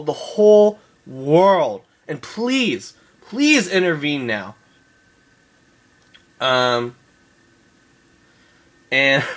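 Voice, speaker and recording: A man's voice: fairly high pitch, pushed and bright. A man giving a casual episode recap, rambling and swearing, often laughing. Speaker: show reviewer.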